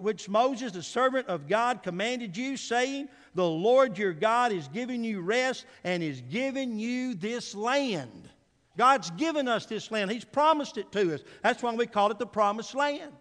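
Male pastor, high voice, preaches with big swings from hushed to loud, echoing church hall. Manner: swings from soft and low to loud and emphatic; calls out "Amen?" to the congregation. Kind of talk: sermon. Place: church sanctuary.

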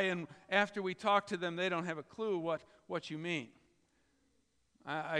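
Male preacher, high-pitched and crisp, emphatic storyteller, reverberant church. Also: sharp tone. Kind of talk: sermon. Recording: reverberant hall.

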